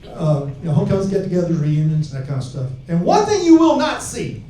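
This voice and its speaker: Brash comic in a roomy club. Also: male voice, sits high, big pitch swings, a little fast. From Alabama. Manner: crude, brash, shouting punchlines. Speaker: stand-up comedian. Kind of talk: stand-up set. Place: comedy club stage. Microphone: handheld mic. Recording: roomy club sound from far off.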